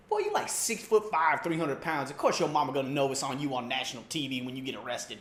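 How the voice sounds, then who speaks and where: A man's voice: a little high, fast talker, a little hiss or hum. A man hosting a comedic sports rant, loose and slangy, mocking and rambling. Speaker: comedy sports show host. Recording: roomy echo.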